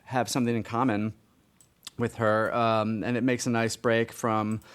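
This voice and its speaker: A man's voice: medium pitch, flat delivery, measured pace, smooth. A man in his forties co-hosting a podcast, chatting casually in a rambling, self-deprecating way with many restarts. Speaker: podcast co-host. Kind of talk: casual chat.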